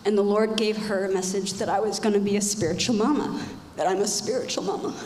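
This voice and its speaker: A woman's voice: medium pitch, fairly even intonation, fast, a little mellow, a little hiss or hum. An older woman giving an earnest personal testimony on a church panel, repeating phrases for emphasis. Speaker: panel guest. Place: church stage. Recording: echoey church hall with reverb.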